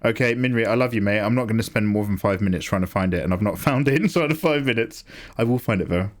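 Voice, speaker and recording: A man's voice: on the low side, fast talker. A man chatting casually on a drawing livestream, joking and rambling through asides to his viewers. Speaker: art streamer.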